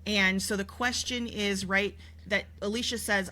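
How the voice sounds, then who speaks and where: A woman's voice: mid-range voice, steady tone, a little slow, pushed and bright. A woman co-hosting a podcast, chatting casually about a TV show in a rambling way with lots of fillers and restarts. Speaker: podcast co-host. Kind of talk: casual TV recap chat.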